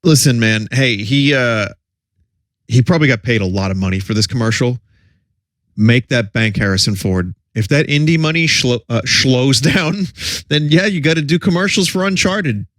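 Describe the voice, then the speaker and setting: A man's voice: medium pitch, animated, normal speed, fairly bright tone, no echo, clean studio sound. A man streaming and reacting to old commercials in casual, rambling commentary with chuckling asides.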